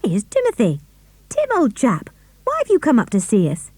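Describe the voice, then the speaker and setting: A woman's voice: on the high side, huge pitch swings, moderate pace, mellow, breathy edge, no room sound, voice pushed up, full character voice. A woman voicing a friendly, plucky schoolboy in an audiobook. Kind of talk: audiobook character reading.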